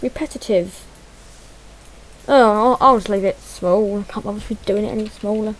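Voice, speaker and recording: A woman's voice: medium pitch, normal speed, a little hiss or hum, rough recording. A woman giving chatty, self-deprecating gameplay commentary, muttering to herself as she fumbles through menus. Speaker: gaming channel host.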